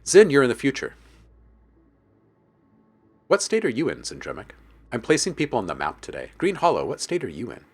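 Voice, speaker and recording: His mid-range voice swings hugely in pitch, comes out brisk and breathy, and pauses often. The man is a music producer hosting a casual stream about making music, reading chat messages aloud, joking, and frequently laughing.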